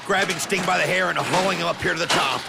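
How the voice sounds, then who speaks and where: A man giving excited, exclaiming play-by-play commentary on a wrestling match. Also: high voice, fast talker, gravelly. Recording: loud arena noise behind.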